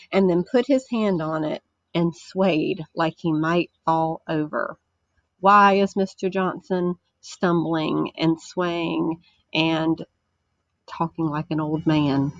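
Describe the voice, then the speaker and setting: A woman teacher reading a chapter book aloud to her class, gentle and explanatory, stopping to ask the children questions. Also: on the low side, no room sound, highs cut off.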